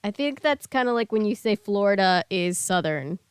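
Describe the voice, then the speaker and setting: A woman with a smooth, clear voice chats easily and jokes as a stream co-host. Her voice sounds dry and close, with no room echo. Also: medium pitch, animated, normal speed. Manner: easygoing, joking, laughs often. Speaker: co-host of a book-reading stream. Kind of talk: casual chat.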